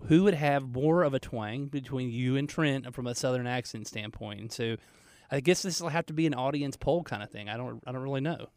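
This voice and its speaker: An upbeat male co-host talks from a radio studio and chuckles often. His voice sits at a middle pitch, and the sound is close and dry. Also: a little fast, a little mellow, dry recording. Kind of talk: casual radio chat.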